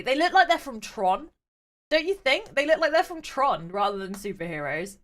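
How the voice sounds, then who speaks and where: A woman's voice: very animated, normal speed, a bit bright. A woman streaming a game, chatty and playful, reading story text aloud to her chat. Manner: chatty and playful, reads with varied pitch.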